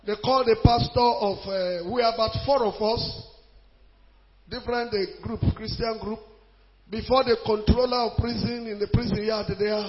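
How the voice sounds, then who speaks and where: A man preaching a sermon as an evangelist, shouting and chanting in a sing-song way. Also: sits high, fairly even intonation, normal speed, slight background noise. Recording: dull lo-fi recording.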